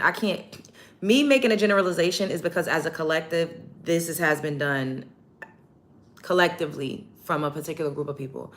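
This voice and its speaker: A low-pitched woman speaking in a forceful, bright tone on a casual get-ready-with-me stream. She talks bluntly to her chat. She drives her points home by repeating them. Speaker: show host.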